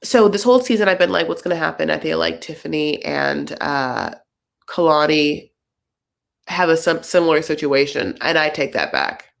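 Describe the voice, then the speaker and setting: Chatty sarcastic woman recapping reality tv, lowish voice, says like a lot. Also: lively intonation, normal speed, creaky. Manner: chatty, sarcastic, rambling with lots of "like". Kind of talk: casual commentary.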